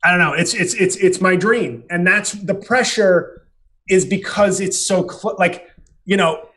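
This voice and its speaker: A man's voice: sits high, unhurried, pushed and bright. A man guesting on a podcast as a comedian, telling rambling, profane, self-mocking stories in casual chat.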